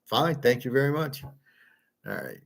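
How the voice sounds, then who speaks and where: A man's voice: medium pitch, wildly swooping pitch, measured pace, creaky, a bit bright. A middle-aged man giving casual, rambling commentary over a played video, blunt and joking.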